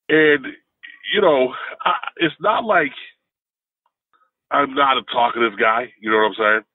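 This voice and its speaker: A man co-hosting a podcast, telling a story in an animated, casual way. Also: breathy edge, no echo. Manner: animated, jumps into higher pitch when telling a story. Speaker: podcast co-host. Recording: tinny phone-like dry sound.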